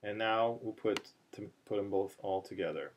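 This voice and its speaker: A man teaching a chanting lesson, talking slowly through many fillers and restarts, then breaking into short chanted phrases. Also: lowish voice. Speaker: cantillation teacher. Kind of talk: chanting lesson, spoken explanation with chanted examples. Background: phone ringing in the background.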